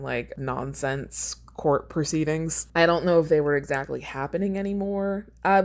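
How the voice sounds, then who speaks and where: A woman's voice: deep voice, a little mellow. A woman hosting a podcast, reading her own fan fiction aloud and chatting casually about it, laughing at her own lines.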